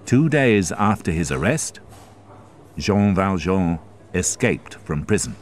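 Deep slow guy reading a story aloud for english learners, measured and careful. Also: sing-song. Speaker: narrator. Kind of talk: graded reader narration.

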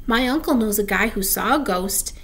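A woman voicing an excitable young schoolboy telling a wild tale. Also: on the high side, moderate pace. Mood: excited.

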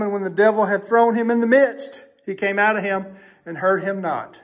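A male preacher with a notably high voice. He preaches in a folksy, emphatic way, rising to loud bursts and dropping to hushed asides. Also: steady tone, normal speed. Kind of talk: sermon.

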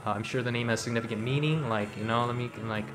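A man's voice: mid-range voice, fast. Rambling joking young man streamer. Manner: joking, rambling, many fillers, slangy. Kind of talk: casual gacha stream commentary.

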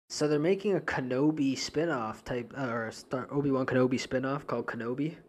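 A man's voice: medium pitch, normal speed. A young man from New Hampshire, co-hosting a podcast in casual, profane, rambling chat with frequent laughs. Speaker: podcast co-host.

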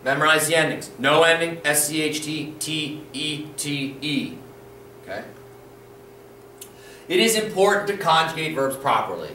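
A man's voice: on the high side, expressive, a little slow, pauses often, bright, forceful tone, distant mic. Patient male language teacher in an echoey room. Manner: patient, encouraging, repeats rules and checks in with "okay?". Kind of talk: instructional video lesson. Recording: roomy echo, voice a bit off-mic, faint room noise.

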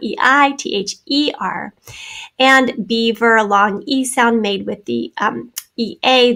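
A woman teacher reading spelling words and sentences slowly, then going over the answers syllable by syllable. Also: fairly high pitch, fairly bright tone, low-quality recording. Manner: slow, clearly enunciated dictation. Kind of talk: spelling test and answer review.

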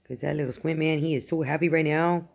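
A woman's voice: deep voice, fairly even intonation, fast, gravelly, a little mellow. A woman hosting a home pet vlog indoors, talking in sing-song baby talk to a cat and laughing often. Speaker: vlog host. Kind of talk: casual chat, cooing to pets.

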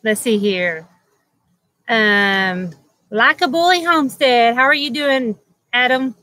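A woman hosts a relaxed livestream, chatting and calling out viewers by name. Her voice sits a little high with a bright, crisp edge, and she takes her time. The sound is dry and close. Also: takes it slowly, dry recording, low-quality recording. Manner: chatty, greets viewers by name, laughs often. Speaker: livestream host. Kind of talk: casual livestream chat. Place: at home beside a loud air conditioner.

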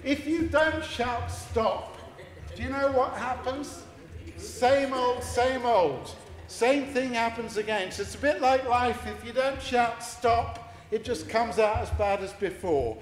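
A man with an extremely high voice talks slowly while guiding a live audience through a forum theatre game in a big hall. Playful and encouraging, he lays out the rules.

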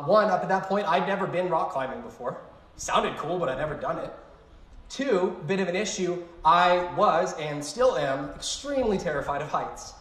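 A young male youth pastor preaches in a relaxed, chatty way, slipping into animated storytelling with quick asides. His voice sits a bit high. The sound carries the echo of a big room. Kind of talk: youth sermon.

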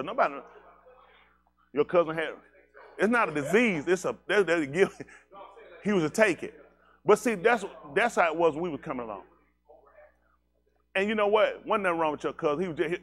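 Blunt, animated male pastor with a higher voice. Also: fairly quick, pauses often. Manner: animated, talks straight to listeners with rhetorical questions and laughs; blunt, uses slangy everyday speech. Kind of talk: conversational preaching to a congregation.

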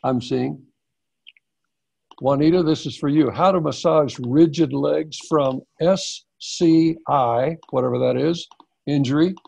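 A man who hosts a massage-therapy teaching webinar, explaining in a measured way with pauses, heard over a video call. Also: on the high side, gravelly, mellow, breathy edge. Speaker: massage instructor hosting a webinar. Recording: dull lo-fi webinar audio.

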